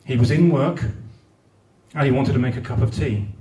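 At a comedy night in a venue hall, a man performs a crude, swearing stand-up set, acting out other people's raised voices. His medium-pitched voice is mellow and moderately paced, recorded from far off in an echoey hall.

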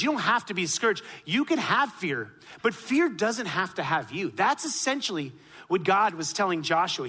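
A man preaching a sermon emphatically, rising to loud peaks and dropping to hushed lines. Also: sits high, breathy edge.

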